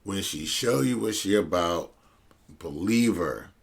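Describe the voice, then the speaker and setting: A man's voice: low-pitched, animated, slow pace, gravelly. A male podcast host retelling a client's story in casual, blunt, slangy commentary, quoting both sides of the conversation.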